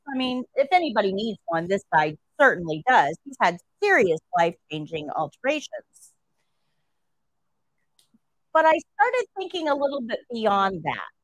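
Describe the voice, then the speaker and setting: A woman's voice: fairly high pitch, a bit bright, no echo, poor audio. A woman nursing instructor telling a story to her class during a livestream, asking rhetorical questions as she goes.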